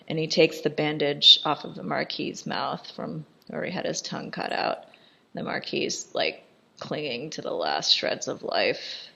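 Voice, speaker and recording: Chatty woman, slow low voice. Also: creaky, fairly bright tone, muffled recording. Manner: irreverent, chatty, laughs at the scenes. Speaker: film commentator. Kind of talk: casual film commentary.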